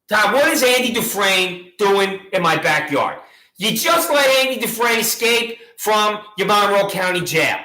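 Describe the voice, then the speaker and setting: A local gadfly rants at a sheriff, mocking and badgering him and repeating taunting questions over and over. His very high voice sounds sharp and bright, and the room echoes around him.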